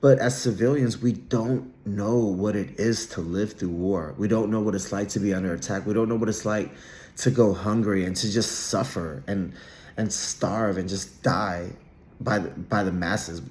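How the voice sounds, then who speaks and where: A man's voice: on the low side, moderate pace, darkish tone. A man giving a casual solo monologue, rambling with frequent restarts and repeated words. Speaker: vlogger.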